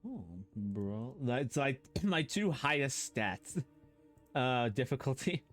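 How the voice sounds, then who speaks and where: A man chatting casually as a player in a tabletop game, trailing off and restarting his thoughts. His voice sits at an ordinary middle pitch. Faint music plays behind him. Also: sing-song, slow.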